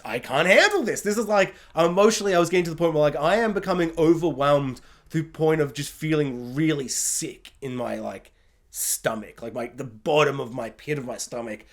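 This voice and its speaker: A man giving an effusive, emotional solo TV review, rambling and restarting as he talks. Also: a little high.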